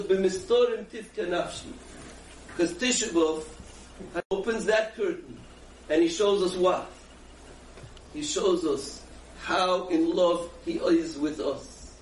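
A man with a high voice delivers a rabbi's Torah lecture, asking questions and then answering them himself with repeated emphasis. He sounds set back from the microphone in a roomy, echoing space with a faint hiss underneath. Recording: echoey room from a distance with faint background noise.

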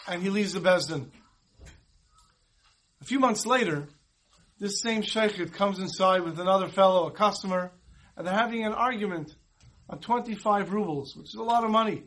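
A man gives a relaxed, storytelling Torah class in a fairly high voice. He talks conversationally and drops Hebrew and Yiddish terms in as he goes. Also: normal speed, long pauses. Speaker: rabbi teaching a Torah class. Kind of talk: storytelling sermon.

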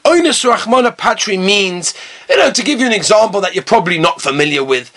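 Animated high-voiced man giving a sermon. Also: quick pace. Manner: animated storytelling with Hebrew and Yiddish terms, rising to impassioned calls. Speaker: rabbi giving a Torah talk.

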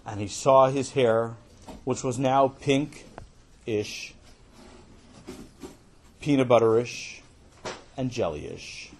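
A man telling a children's story in an animated, playful way, with casual asides. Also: mid-range voice, drawn-out words, pauses often, slight background noise.

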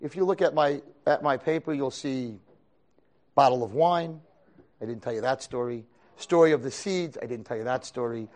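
A man giving a storytelling lecture as a rabbi, animated, moving between quiet asides and loud dramatic peaks. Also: medium pitch, moderate pace. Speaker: rabbi teaching a class.

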